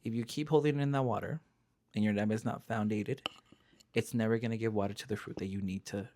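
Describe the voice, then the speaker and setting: A man's voice: lowish voice, fairly even intonation, a little fast, darkish tone, a little hiss or hum. A man co-hosting a casual chat, telling a personal faith story earnestly and dropping to a near-whisper when he quotes. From Spanish-speaking family background. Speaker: podcast co-host.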